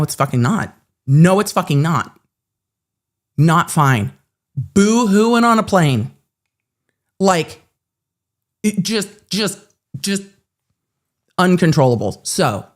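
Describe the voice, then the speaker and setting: A low-voiced woman hosting a stream tells a personal anecdote in an easygoing, animated manner. She mocks herself along the way and swears occasionally.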